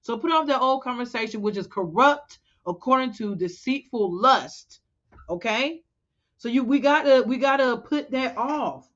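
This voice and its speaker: A woman's voice: on the high side, animated, moderate pace, a bit bright, dull audio. A woman giving an informal sermon to the women of her congregation, talking casually and stopping now and then to check a scripture reference. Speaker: women's teacher in a religious congregation.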